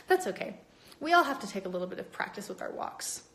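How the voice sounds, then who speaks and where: A young adult woman chatting casually on a live stream, talking with viewers in an animated, lively way. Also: a little fast. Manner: chatty and animated, with many upward pitch jumps. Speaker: cosplayer hosting a live stream.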